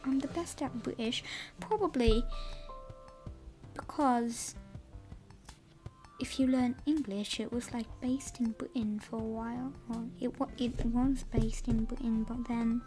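A woman's voice: a little high, fairly even intonation, measured pace, long pauses, mellow, soft background music. A woman hosting a casual podcast, rambling and hesitant, often correcting herself, with wry, self-deprecating humor. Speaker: podcast host. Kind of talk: casual unscripted podcast update.

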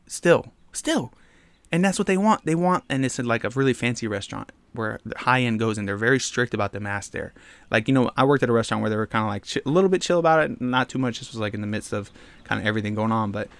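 A man's voice: mid-range voice, lively intonation, fast, fairly bright tone, no room sound. A man hosting a podcast alone, ranting bluntly and heatedly in casual slang and talking straight to his listeners. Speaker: podcast host.

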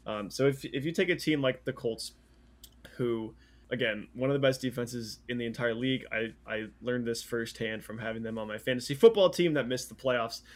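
A man's voice: medium pitch, a little fast. A man co-hosting a sports podcast, talking casually with many fillers and restarts. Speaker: podcast co-host.

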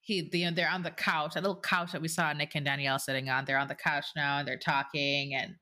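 A woman co-hosting a podcast in casual chat, emphatic and quick to repeat her points and laugh. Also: deep voice, little pitch movement, sharp tone. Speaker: podcast co-host.

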